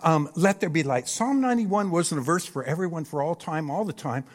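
Male preacher, lively sermon delivery, punchy rhetorical check-ins with a live congregation. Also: on the high side, a little fast. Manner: animated and emphatic, with frequent rhetorical "Hello?" checks. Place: church stage before a live audience.

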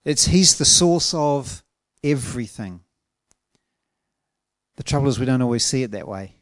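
A man preaching a sermon in an earnest, emphatic way, slowing down to stretch out key words. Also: medium pitch, lively intonation, dry recording, studio quality.

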